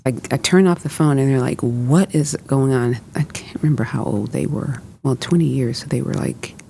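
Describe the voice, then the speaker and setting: A woman in her fifties speaks as a podcast guest, with a gravelly, creaky edge to her voice. Her tone is mellow and dark rather than bright. She tells a personal story conversationally, acting out what people said and filling pauses with "um" and "like". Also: a bass voice, a little hiss or hum. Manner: recounts events with reported dialogue and frequent fillers.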